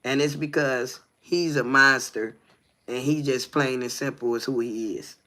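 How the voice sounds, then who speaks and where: A man's voice: medium pitch, steady tone, unhurried, sharp tone. A man co-hosting a livestream, reading a text aloud with stumbles and breaking off to ask the listener "you hear me". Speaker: livestream co-host.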